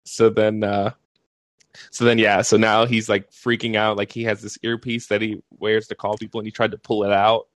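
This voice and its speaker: A man's voice: lowish voice, moderate pace, dry recording. A man co-hosting a movie podcast, casually recapping the plot and swearing often. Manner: lively recapping, swears freely, laughs often. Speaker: podcast co-host. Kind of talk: casual chat.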